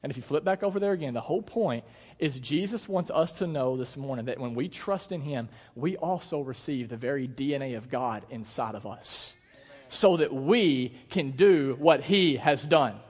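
Animated pastor preaching in a reverberant church. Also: male voice, medium pitch, moderate pace, slightly rough. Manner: conversational, animated storytelling with asides to the congregation. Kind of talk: sermon. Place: church sanctuary.

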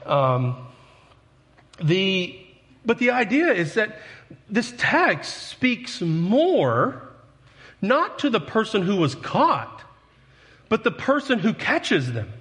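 Long hall reverb surrounds this pastor's sermon in a church sanctuary. His voice sits high with a fairly bright tone, and he speaks earnestly and conversationally, tossing self-deprecating remarks to the congregation.

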